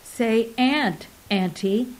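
A woman's voice: on the high side, extremely slow, low-quality recording. A woman reading aloud, voicing a weary, reclusive older man who turns coldly threatening. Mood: quietly menacing. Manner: quiet, controlled, deadly calm. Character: weary older man turned quietly menacing.

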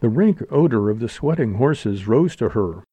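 Male audiobook narrator, deep mellow tone, dry studio read. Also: animated, normal speed, breathy edge, dry recording. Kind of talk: scripted narration.

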